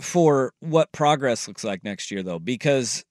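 A man hosting a casual sports podcast, chatty, animated and quick to laugh. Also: medium pitch, dry recording, studio quality.

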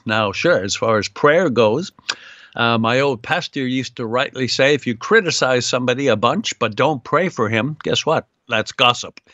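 A man speaks bluntly and sarcastically, peppering his talk with uh fillers as he gives his commentary. His voice is medium in pitch and comes over a dull, muffled line. The sound is dry, with no room around it. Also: fairly bright tone, no room sound. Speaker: guest commentator. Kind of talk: casual political commentary.

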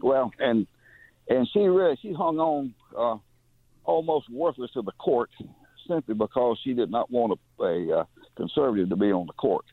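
Male call-in guest, gravelly voice, halting delivery, heard over a tinny phone line. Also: mid-range voice, lively intonation, no echo. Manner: hesitant, many fillers and restarts. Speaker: caller. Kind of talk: call-in radio talk.

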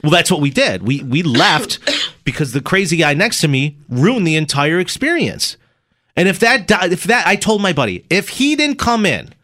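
A man hosting a morning radio show, his voice sitting on the higher side and swinging widely in pitch. He tells his story casually into a studio microphone, laughing and restarting as he goes. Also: a bit bright, no echo.

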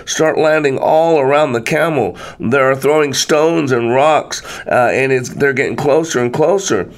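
A man telling a folktale aloud, with an animated, dramatic manner of narration. His voice rests at an ordinary middle pitch for a man. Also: measured pace. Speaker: storyteller. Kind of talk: folktale storytelling.

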